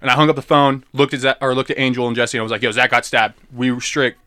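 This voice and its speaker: A young man in casual chat, telling a story in a relaxed way with many likes and dudes. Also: medium pitch, fast talker, clean tone, no room sound, clean studio sound.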